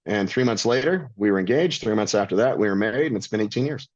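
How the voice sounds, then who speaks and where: A man's voice: on the low side, animated, fast, no echo, dull audio. Blunt, profane man in his fifties. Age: 50s. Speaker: guest. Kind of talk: casual storytelling.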